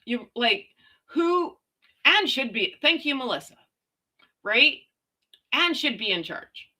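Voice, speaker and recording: A woman's voice: high-pitched, big pitch swings, slow, pushed and bright. A middle-aged woman from Canada, ranting in casual, blunt, sarcastic commentary with slang and mild swearing. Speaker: commentary vlogger.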